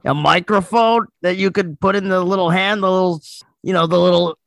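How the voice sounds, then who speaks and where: A man doing a comic impression of a laid-back young male comedian, raspy and halting, full of fillers. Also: high voice, steady tone, dry recording. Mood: deadpan. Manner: halting, full of "uh" and "you know".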